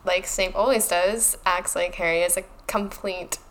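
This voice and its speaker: Animated sarcastic woman co-host. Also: lowish voice, a little slow, a little hiss or hum. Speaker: podcast co-host. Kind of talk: casual chat recapping a book.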